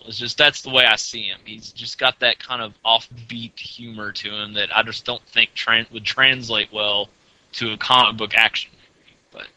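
A man's voice: mid-range voice, pushed and bright, dry recording, poor audio. A man in casual podcast chat, hedging with many fillers while giving his opinion. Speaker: podcast co-host.

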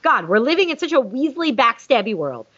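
A woman's voice: on the high side, very animated, fairly quick, fairly bright tone, no echo. A woman co-hosting a casual podcast, reading a listener email aloud with sarcasm and swearing. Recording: dull lo-fi sound, dry.

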